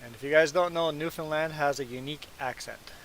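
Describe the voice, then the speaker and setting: Here is a relaxed man from Canada, talking casually through a game stream. He has a voice pitched a little above most men's, and he rambles along with easy chuckles. A faint hiss sits under his voice. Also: fairly quick, rough recording. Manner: relaxed, rambling storyteller who chuckles often. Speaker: gaming live streamer. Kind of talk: casual chat while playing a game.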